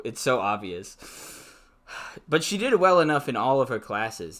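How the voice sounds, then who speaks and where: A man's voice: mid-range voice, fairly bright tone. Sarcastic man mocking a book aloud. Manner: sarcastic, swearing asides that break off the reading. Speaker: amateur reader. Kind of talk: mocking dramatic reading.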